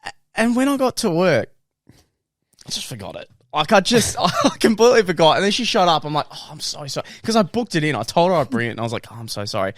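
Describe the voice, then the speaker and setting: A young man chats casually on a podcast, laughing often and swearing through his stories. His pitch swings around lively. The sound is dry and close. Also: fast, no room sound. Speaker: podcast co-host. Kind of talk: casual chat.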